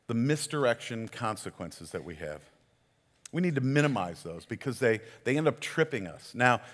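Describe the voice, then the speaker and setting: A man's voice: medium pitch, in a large hall. A man giving a sermon as a community pastor, telling the story in a conversational way and often restarting his words.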